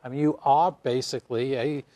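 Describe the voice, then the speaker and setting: A man of middle pitch talks through an idea in a calm, explanatory way. He sounds like an interviewer building a point in conversation. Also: normal speed.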